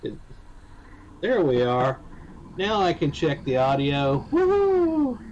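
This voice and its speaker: A man at his home gaming setup talks into a desk microphone while streaming, his mid-pitched voice now and then cracking. He mutters and grumbles as he fiddles with his settings, casual and a little exasperated. A faint hiss sits under the whole recording. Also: expressive, slow, a little mellow, highs cut off. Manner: muttering, troubleshooting aloud, mildly exasperated. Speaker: game streamer. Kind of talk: casual live-stream chat.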